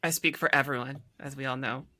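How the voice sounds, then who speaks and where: A woman's voice: very deep voice, fairly even intonation, brisk, bright, forceful tone, no echo. A woman from Minnesota co-hosting a casual chat, joking and steering the talk. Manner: joking, playful moderator. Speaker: co-host.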